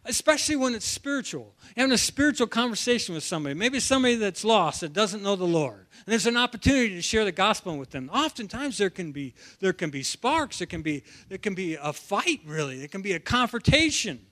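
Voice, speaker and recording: A man's voice: high-pitched, very animated, fairly quick, few pauses, a bit bright. A man preaching an expository sermon, talking animatedly and often repeating words as he restarts a phrase. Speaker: preacher teaching from the Bible.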